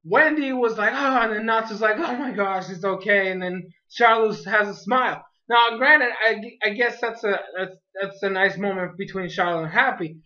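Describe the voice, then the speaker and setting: A bright, sharp-toned voice of an anime reviewer chatting casually through an episode. The talk is loose and peppered with "like", and it swells into animated retellings of the scenes. The recording sounds dull and lo-fi. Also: medium pitch, normal speed, few pauses.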